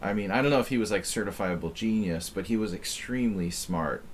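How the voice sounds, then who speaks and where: A middle-aged man hosting a chess stream, chatting casually in a rambling, halting way with lots of fillers and restarts. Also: on the low side, slight background noise. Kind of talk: casual chat while playing.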